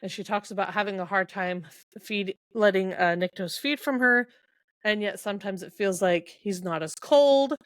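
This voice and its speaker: A woman's voice: medium pitch, normal speed, no room sound. Woman podcast host recapping a book, laughs a lot, dry close sound. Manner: retells scenes, reads dialogue aloud, laughs often. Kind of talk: casual book-recap chat.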